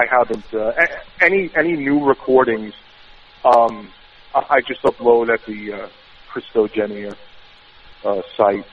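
A man's voice: medium pitch, breathy edge. A man with a New York accent calling in to a radio show, talking hesitantly with many filler sounds. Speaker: caller. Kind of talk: call-in radio chat. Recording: tinny distant phone line.

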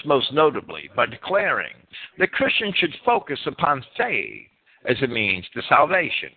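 Man preaching over a tinny line. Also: medium pitch. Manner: reads from a script, stumbles and repeats words. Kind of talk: reading a history presentation with asides. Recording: tinny phone-like sound.

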